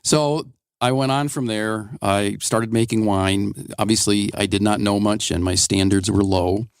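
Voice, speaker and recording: A man's voice: on the low side, fairly even intonation, measured pace, clean tone, no room sound. A man in his sixties from Wisconsin, a guest winemaker chatting wryly and telling rambling stories in a radio studio interview. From Wisconsin, USA. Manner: chatty, wry, rambling anecdotes. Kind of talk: casual radio interview storytelling.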